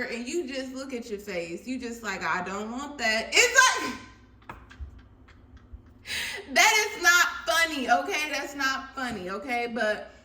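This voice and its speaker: Animated woman reading tarot, echoey room. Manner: animated, laughing, swinging between loud and low. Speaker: tarot reader. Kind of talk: casual tarot reading to viewers.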